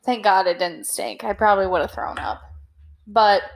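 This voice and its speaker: A woman's voice: mid-range voice, steady tone, moderate pace, vocal fry. Chatty woman podcast co-host. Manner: chatty storytelling, laughs often. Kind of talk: casual chat.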